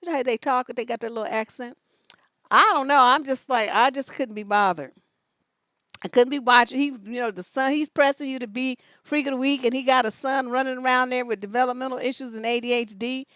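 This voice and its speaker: Blunt, profane woman with a high voice. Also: steady tone, fairly quick, a bit bright, no echo. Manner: blunt and profane, joking, reads questions aloud. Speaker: relationship coach answering viewer questions. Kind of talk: casual livestream advice chat.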